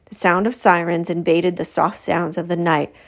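A teacher reads a children's novel aloud to her class, putting expression into the story. Her voice is gravelly, and she goes back to fix her own misreadings. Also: on the low side, moderate pace. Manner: expressive, self-correcting.

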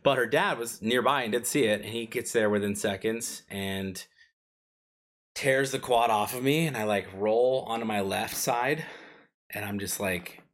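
A man's voice: fairly low pitch, measured pace. A man co-hosting a podcast, telling a personal story casually, full of fillers and chuckles. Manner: rambling, filler-heavy, laughs while telling. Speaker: podcast co-host.

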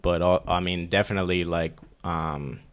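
Laid-back low-voiced young man. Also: steady tone, normal speed. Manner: laid-back, swears a lot, trails off. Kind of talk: casual chat.

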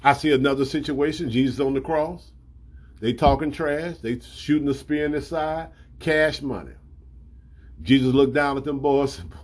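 A man's voice: medium pitch, moderate pace, darkish tone. A man preaching a sermon in a colloquial, emphatic way, acting out scripture.

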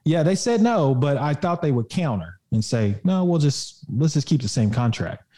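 A man's voice: mid-range voice, lively intonation, normal speed, dark tone, husky. A young adult man, a podcast guest and fitness coach, telling a personal story in a casual way, with lots of fillers and some swearing.

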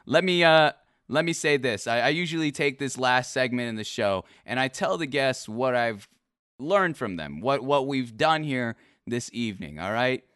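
Lively, bright-voiced male interview host. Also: medium pitch, normal speed, clear, resonant tone, no echo, studio quality. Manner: animated, breaks into excited laughing praise. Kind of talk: casual online interview over voice chat.

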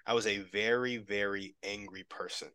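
A man talking reflectively as a podcast guest, hesitant and often pausing to search for words. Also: on the low side, steady tone, sharp tone, smooth, no room sound. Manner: reflective and hesitant, many fillers. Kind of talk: casual podcast conversation.

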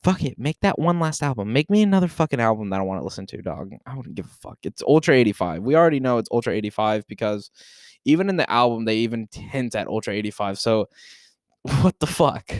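A man hosting a casual solo podcast, reacting to a news post in a profane, excitable, rambling way into a desk microphone. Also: medium pitch, brisk, dry recording, clean studio sound. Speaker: podcast host.

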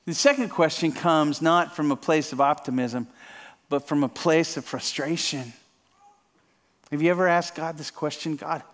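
A man delivers a sermon from a church platform. His voice sits high for a man, and he speaks earnestly. He restarts and repeats phrases as he builds toward a point. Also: normal speed. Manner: earnest, repeats phrases, rising and falling intensity. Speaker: pastor. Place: church sanctuary.

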